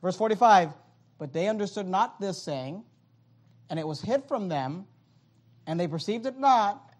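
A man preaching a sermon in numbered points, animated and joking, acting out the voices of others in asides. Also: high-pitched, unhurried. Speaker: pastor.

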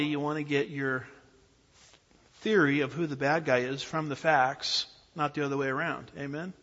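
A man preaching an expository Bible lesson, pausing to ask his listeners to fill in the blanks. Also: a little high, fairly bright tone. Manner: asks the audience fill-in-the-blank questions. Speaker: pastor teaching a Bible class. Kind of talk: expository sermon lecture. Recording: dull audio with long hall reverb.

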